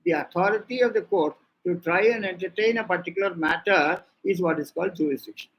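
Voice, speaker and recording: Husky, slightly high Indian man; patient law lecturer who repeats key points. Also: a little fast, fairly bright tone, poor audio. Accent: Indian English. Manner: explanatory, repeats points, addresses listeners as sir. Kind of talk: classroom lecture.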